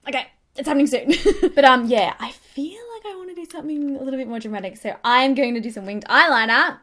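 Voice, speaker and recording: Excited woman chatting fast. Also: sits high. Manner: excited, fast, rambling with many fillers. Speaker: beauty vlogger. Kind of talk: get-ready-with-me storytelling chat.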